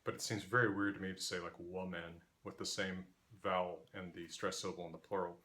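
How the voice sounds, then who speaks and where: Lower-voiced Interior West American lecturer. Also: male voice, flat delivery, bright, forceful tone. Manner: measured, demonstrates vowel sounds aloud. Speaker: linguistics teacher. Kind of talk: explanatory lecture.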